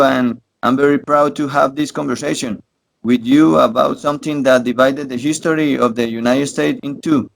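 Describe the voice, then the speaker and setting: A man's voice: mid-range voice, creaky, slight background noise, poor audio. Hesitant young man moderating a debate. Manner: hesitant, repeats words. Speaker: student moderator. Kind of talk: class debate in English.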